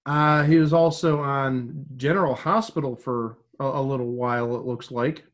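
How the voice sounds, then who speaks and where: A man's voice: mid-range voice, steady tone, normal speed. A man co-hosting a casual podcast chat, making wry joking asides. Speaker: podcast co-host. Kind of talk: casual chat about old TV.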